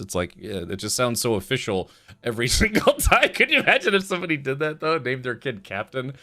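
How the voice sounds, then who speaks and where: A man's voice: mid-range voice, big pitch swings, a little fast, sharp tone. A man hosting a casual livestream, joking and rambling as he reads chat messages aloud. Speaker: livestream host.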